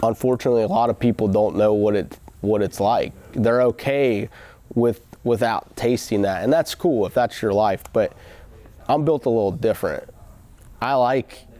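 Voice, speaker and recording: A man's voice: on the low side, normal speed, dark tone. A man hosting a casual motivational talk, telling a story in a rambling way with restarts and quoted asides. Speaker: host.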